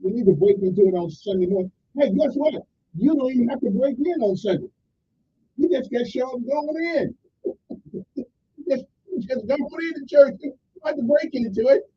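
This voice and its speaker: A man's voice: extremely high pitch, lively intonation, normal speed, highs cut off, slight background noise. A man hosting a radio talk show, rambling and opinionated in a folksy way, with many restarts. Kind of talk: casual call-in radio commentary.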